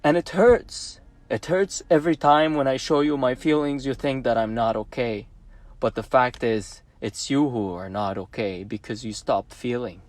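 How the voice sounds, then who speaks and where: A man's voice: medium pitch, moderate pace, no room sound. A man in his thirties from Egypt, speaking English with an Egyptian accent, whose native language is Arabic. He delivers an emotional personal monologue, pleading and defiant, and repeats phrases for emphasis.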